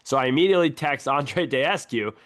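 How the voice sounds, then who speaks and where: A young man hosting a casual podcast, telling his stories in a chatty, animated way. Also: mid-range voice, fairly quick. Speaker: podcast host.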